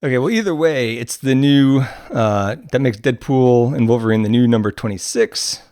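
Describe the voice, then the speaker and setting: A man co-hosts a relaxed podcast chat. He hesitates, restarts his phrases and laughs easily. His voice sounds dry and close. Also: medium pitch, normal speed, smooth, no echo. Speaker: podcast co-host. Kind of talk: casual chat.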